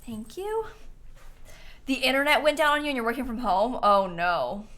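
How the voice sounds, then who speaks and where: A woman's voice: on the high side, lively intonation, moderate pace, fairly bright tone. A woman livestreaming a game, chatting casually with her viewers and laughing often. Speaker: game streamer.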